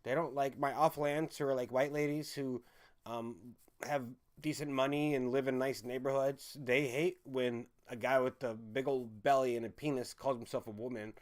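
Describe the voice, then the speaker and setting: A man's voice: medium pitch, steady tone, normal speed. A man hosting a rambling online commentary stream, ranting and often restarting his sentences while talking to his audience. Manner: ranting, with frequent restarts and stumbles; addresses the audience as folks and guys.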